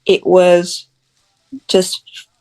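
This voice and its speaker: A woman from Jamaica, a social media creator, telling her story in an interview in a blunt, animated, self-mocking way. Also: fairly low pitch, drawn-out words.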